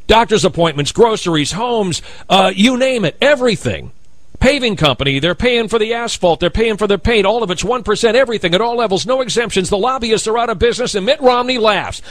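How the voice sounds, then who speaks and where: Fiery, high-voiced male radio host. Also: very animated, brisk, dry recording. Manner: heated and combative, with sudden loud outbursts. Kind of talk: opinionated talk radio rant.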